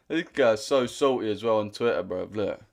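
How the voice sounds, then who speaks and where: A man's voice: lowish voice, expressive, moderate pace, gravelly. A young British man hosting a trading livestream, chatting casually in a blunt, slangy way that repeats itself. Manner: slangy and direct, repeats himself.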